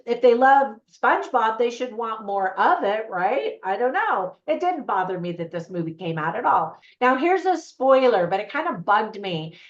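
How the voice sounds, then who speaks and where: A woman's voice: fairly high pitch, highs cut off. A woman reviewing a film for viewers in a chatty, upbeat way, speaking straight to her audience. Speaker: movie reviewer. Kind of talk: casual video review.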